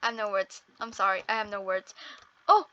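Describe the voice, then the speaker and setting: A woman's voice: mid-range voice, brisk, sharp tone, dull audio. A woman giving casual gameplay commentary on her first video, nervous and apologetic, exclaiming often. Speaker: first-time gaming video creator.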